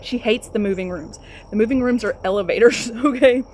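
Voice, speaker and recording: High-voiced, laughing woman. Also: a little fast, a little mellow, a little hiss or hum. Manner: laughing often through the story. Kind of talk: casual storytelling.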